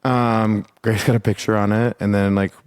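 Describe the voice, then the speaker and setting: A man's voice: lowish voice, little pitch movement, moderate pace, clear, resonant tone, no echo, studio quality. A young man co-hosting a podcast, telling a rambling casual story, full of "like" and swearing. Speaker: podcast co-host. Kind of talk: casual chat.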